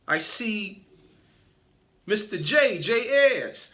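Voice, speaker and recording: A high-pitched man telling a motivational story to an audience, unhurried and deliberate. His voice is bright and forceful, and he playfully calls out listeners by name. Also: expressive. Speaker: motivational speaker.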